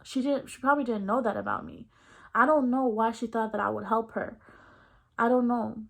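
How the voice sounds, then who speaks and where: Young female vlogger with a fairly high voice, candid and expressive, for a casual storytime retelling. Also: normal speed, creaky. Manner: acts out quoted dialogue in her story.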